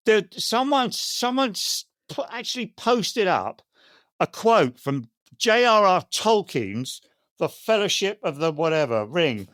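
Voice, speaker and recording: A man's voice: high-pitched, big pitch swings, unhurried, fairly bright tone, dry recording, clean studio sound. A man with an English accent co-hosting a comedy podcast, grumbling and mocking with plenty of swearing. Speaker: podcast co-host. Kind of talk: casual comedic chat.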